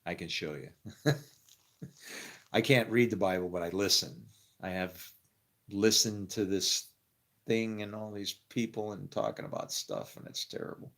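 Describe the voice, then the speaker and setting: A man giving a rambling personal monologue, laughing often and trailing off into quiet mumbles. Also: on the low side, fairly even intonation, measured pace, creaky, pauses often. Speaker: storyteller.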